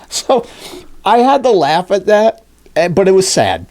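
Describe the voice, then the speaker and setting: A man co-hosting a casual podcast chat, swearing freely and acting out people he talks about in shrill mock voices. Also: brisk. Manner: animated, swearing, acts out high-pitched shrieking quotes. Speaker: podcast co-host.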